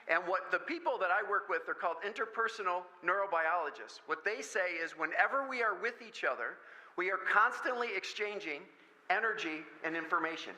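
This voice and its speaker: Bright-voiced man giving a lively talk. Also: sits high, brisk, poor audio. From Michigan, USA. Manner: jokey, animated storyteller. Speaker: guest speaker at a parent meeting. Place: school meeting room.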